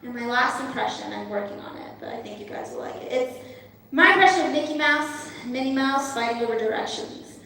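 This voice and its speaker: A woman's voice: sits high, fairly quick, gravelly, sharp tone. A woman doing a profane, punchy stand-up set in a hall. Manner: brash, profane, punchy delivery. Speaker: stand-up comedian. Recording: echoey hall from far off.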